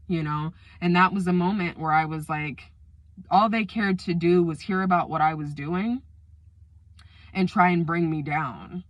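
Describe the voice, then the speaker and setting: Low-voiced woman telling an emotional story. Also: unhurried, no echo, dull audio. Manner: emotional, animated retelling, acts out quotes. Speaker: storyteller vlogger. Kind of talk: casual story time.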